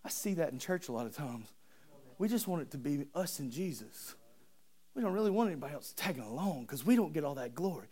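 High-voiced, storytelling preacher. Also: male voice, fairly quick, breathy edge. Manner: animated, humorous storytelling. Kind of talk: sermon.

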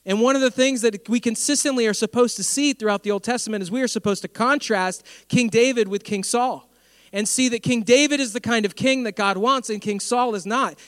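A man preaching a sermon, telling stories with lively humor. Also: sits high, dry recording, clean studio sound, big-room sound. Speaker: pastor.

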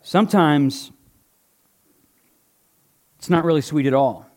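A male pastor preaches to his congregation in a warm, conversational tone. His voice sits a little higher than most men's. He moves between earnest exhortation and light joking with the people in front of him. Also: takes it slowly. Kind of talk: sermon with live object lesson. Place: church before a congregation.

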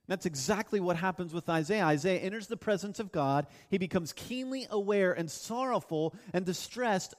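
A man with a high voice preaches an earnest sermon, leaning hard on key words and stretching them out. His voice rings through a church hall with a long, lingering reverb. He speaks as the pastor addressing his congregation. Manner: earnest, emphatic preaching with slow drawn-out stresses.

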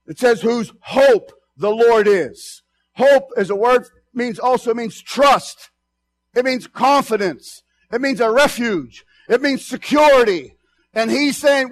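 A man preaching a sermon to a congregation, passionate and emphatic, moving between loud exhortation and low, confiding asides. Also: measured pace.

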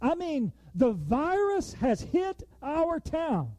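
A man's voice: extremely high pitch, takes it slowly, dry recording. A man preaching a sermon in a conversational way, now and then acting out the people in the text. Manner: conversational, animated, acts out quoted lines.

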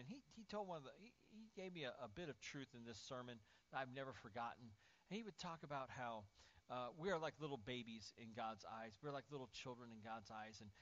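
A male pastor preaching a lively sermon, swinging from loud, acted-out outbursts to near-whispers. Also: medium pitch. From Indiana, USA. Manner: animated, acts out voices and swings from shouting to near-whisper. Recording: dull lo-fi sermon audio.

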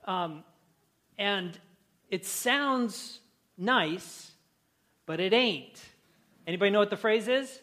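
A pastor preaching a conversational sermon and joking with the congregation. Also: male voice, high-pitched, expressive, slow pace, pauses often, fairly bright tone.

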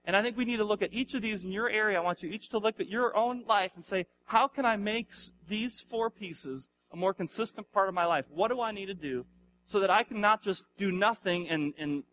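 A man's voice: high voice, fairly quick, a bit bright, slight background noise. A man in his thirties, a pastor giving a casual sermon to a live audience, conversational and playful, often asking the crowd questions. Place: church hall before a live audience.

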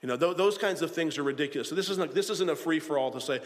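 A man's voice: a little high, quick pace. A man preaching a sermon as pastor, earnest and plain-spoken, often repeating his phrases and acting out quoted voices. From South Florida. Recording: hall reverb.

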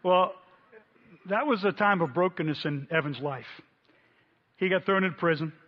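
A man preaching a sermon, telling a story with lively acted-out quotes. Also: high voice, moderate pace. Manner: animated storyteller, voices quotes loudly. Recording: dull sound in a long-reverb hall.

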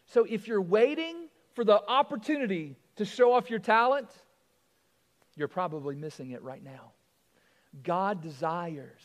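A man delivers a sermon as pastor, his voice high and bright. He tells stories with animated swings between loud and near-whispered lines. The sound carries a long reverb.

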